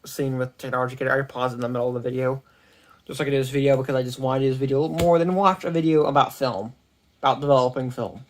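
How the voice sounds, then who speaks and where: Recorded on a phone mic, a tech reviewer rambles through a casual product review, halting often, restarting and correcting himself. The voice sits at medium pitch with fairly even intonation.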